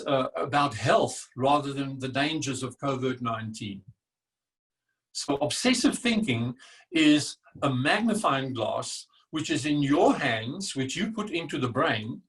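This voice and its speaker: An older man giving a motivational talk on stress, emphatic and animated, acting out what the brain says, heard a little away from the mic. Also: a little high. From South Africa. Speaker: speaker. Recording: distant from the mic.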